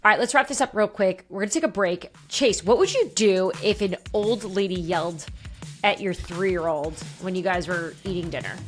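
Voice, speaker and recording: Animated woman host telling a story. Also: lowish voice, normal speed, faint music behind. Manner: animated storyteller, laughs often. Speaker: podcast host. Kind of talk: casual chat.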